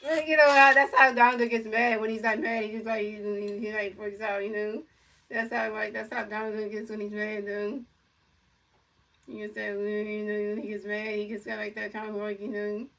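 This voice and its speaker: Distant, flat-toned woman calling a game. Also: medium pitch, normal speed, vocal fry. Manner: rambling, full of fillers and repeated phrases. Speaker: gamer doing play-by-play. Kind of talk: casual play-by-play commentary over a video game.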